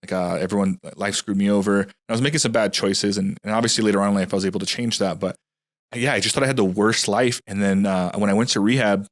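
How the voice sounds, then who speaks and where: A man's voice: on the low side, steady tone, fast, no room sound, studio quality. A man in a casual podcast conversation, telling a personal story in an earnest, rambling way full of restarts.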